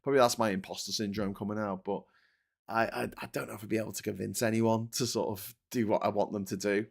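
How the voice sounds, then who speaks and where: A livestream host from England with a Liverpool accent rants through a political chat, swearing and stammering into restarts. His voice is fairly low and steady, with a quick pace and vocal fry.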